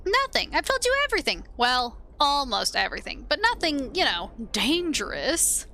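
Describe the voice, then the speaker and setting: A woman reading the lines of a sly, wisecracking male skull who talks quickly to wriggle out of questions. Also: high voice, very animated, gravelly, sharp tone, full character voice. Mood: defensive. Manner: chatty, wheedling, defensive.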